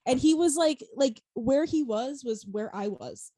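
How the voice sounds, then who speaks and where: A woman's voice: high-pitched, lively intonation, unhurried, dark tone, dry recording. A young woman co-hosting a podcast, telling a story in casual chat, rambling, laughing often and swearing freely. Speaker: podcast co-host.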